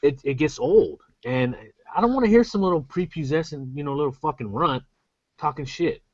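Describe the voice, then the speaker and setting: A man's voice: a little high, normal speed, a little mellow, dry recording. A grown man on a gaming podcast who talks bluntly and curses freely as he rants. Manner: blunt, profane, ranting. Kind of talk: opinionated podcast discussion. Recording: dry, dull lo-fi podcast audio.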